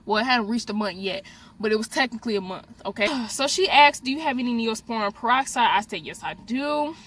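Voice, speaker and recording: A young woman vlogger telling a story in a casual, animated way, speaking straight to her viewers. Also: fairly high pitch, fairly quick, a little hiss or hum. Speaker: beauty vlogger. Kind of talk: storytime vlog, casual chat.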